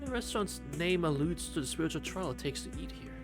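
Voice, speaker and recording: A man's voice: on the high side, expressive, fairly quick. A man live-streaming a game, reading its text aloud and chatting, swearing freely. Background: game music.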